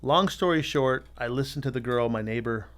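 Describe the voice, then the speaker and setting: A middle-aged man, a tattoo artist guesting on a podcast, telling his story in a candid, animated way and swearing freely. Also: medium pitch, normal speed. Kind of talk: casual storytelling interview.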